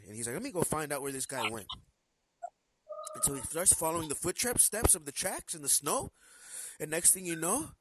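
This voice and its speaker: A man hosting a live stream, telling a story in a casual, animated way and acting out the characters' lines. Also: on the high side, background noise.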